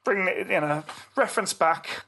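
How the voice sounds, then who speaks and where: A middle-aged man on a podcast, telling a story in casual chat with animated, swearing delivery. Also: sits high, normal speed, vocal fry. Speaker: podcast co-host.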